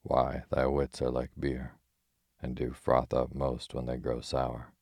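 A hearty, teasing outlaw speaks in old-fashioned jests, as a man reads him in a storybook. The voice sits very low and barely moves in pitch. It sounds close and dry. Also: monotone, slow pace, gravelly, darkish tone, no echo, heavily acted. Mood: jesting. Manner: jesting, archaic speech.

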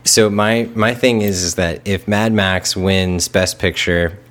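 A man co-hosting a podcast, chatting casually, quick and loose, often restarting his sentences. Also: low voice, steady tone, fairly bright tone. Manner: quick, loose, trips over his words. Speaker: podcast co-host. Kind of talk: casual chat.

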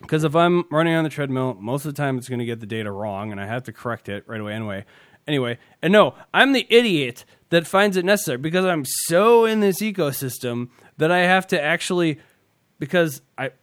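A man's voice: fairly high pitch, expressive, fairly quick, a bit bright. A man hosting a casual podcast, rambling and self-deprecating, laughing often as he talks. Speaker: podcast host. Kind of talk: casual tech podcast chat.

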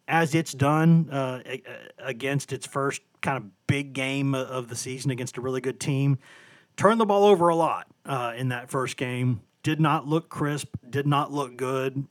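A man's voice: medium pitch, normal speed, dry recording. A man co-hosting a sports podcast, chatting casually about college basketball and stumbling over names as he corrects himself.

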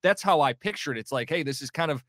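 A man's voice: fairly high pitch, lively intonation, quick pace, a bit bright, no echo, studio quality. Curious man musing aloud. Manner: curious, searching for words with many "like"s. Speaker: podcast co-host. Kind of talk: casual chat.

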